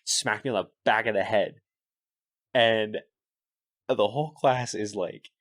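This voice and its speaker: A young man chatting as a podcast guest, telling animated, swear-laden stories full of "like" and "dude". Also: lowish voice, unhurried, no echo, studio quality. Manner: animated storyteller, swears freely, fillers like "like" and "dude". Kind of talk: casual podcast chat.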